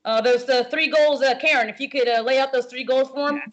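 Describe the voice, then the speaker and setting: A woman playing a corporate executive in an improv comedy sketch, her high voice padded with ums and uhs. She sounds smooth and self-important. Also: steady tone, brisk, muffled recording. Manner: filler-heavy, corporate.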